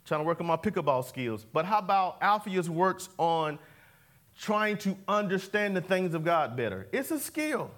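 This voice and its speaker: A man's voice: high voice, sing-song, normal speed, fairly bright tone. A man preaching a sermon, calling for responses and repeating key words. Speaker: pastor. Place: church sanctuary.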